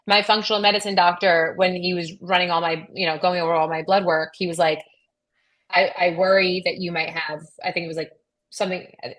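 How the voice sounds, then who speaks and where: A woman's voice: fairly low pitch, flat delivery, a little fast, fairly bright tone. A middle-aged woman telling a rambling personal story in casual chat, full of fillers and quoted dialogue. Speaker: guest.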